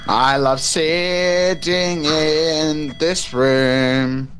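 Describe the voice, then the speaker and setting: A man from Australia with an Australian accent, joking crudely and teasing loudly while playing a game. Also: a little high, steady tone, extremely slow, a little hiss or hum. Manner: loud, crude, teasing banter.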